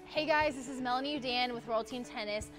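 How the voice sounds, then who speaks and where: A woman running a playful quick-fire interview, cheerful and quick to laugh. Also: a little high, over music.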